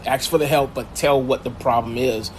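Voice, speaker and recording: A man's voice: medium pitch, fairly even intonation, normal speed, slight background noise. Rambling older male game streamer. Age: older adult. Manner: rambling, full of ums and restarts. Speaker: mobile racing game streamer. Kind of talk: casual livestream commentary.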